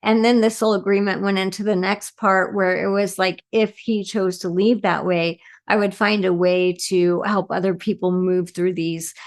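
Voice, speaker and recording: A woman medium with a mid-range, fairly flat voice speaks at normal speed with few pauses. In this reflective interview she earnestly covers grief and compassion, often ending on "right?".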